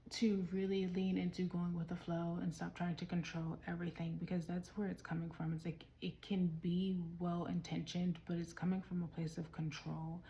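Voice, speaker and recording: A woman's voice: fairly low pitch, level tone, moderate pace, few pauses, warm tone, lo-fi sound. A woman giving a casual tarot reading while out of breath, rambling and restarting her sentences, sometimes dropping to a whisper. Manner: rambling, restarts and trails off mid-thought. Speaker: tarot reader.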